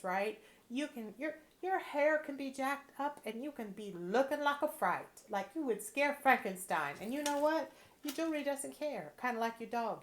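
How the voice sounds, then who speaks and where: A woman's voice: medium pitch, a little hiss or hum. Chatty woman in an echoey room. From Texas. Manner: chatty and playful. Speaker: jewelry reseller. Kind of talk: casual chat. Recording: roomy echo.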